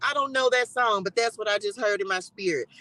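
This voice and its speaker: Livestreaming from her car on a device mic, a woman offers fervent, repetitive faith encouragement broken up by bursts of laughter. Her medium-pitched voice is brisk, pushed and bright, with no room sound, and the recording is rough. It's casual spiritual encouragement talk.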